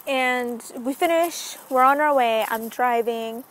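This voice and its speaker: High, chatty young woman vlogging outdoors. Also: slow pace. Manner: chatty, animated retelling with lots of "like". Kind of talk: casual storytelling vlog. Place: outdoors on a street.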